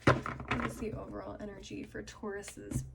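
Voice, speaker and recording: Woman with a cold, slightly congested, middle-pitched, casual and musing as a tarot reader. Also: little pitch movement, moderate pace, gravelly, heavy background noise. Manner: chatty, musing aloud over cards. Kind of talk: casual tarot reading to camera.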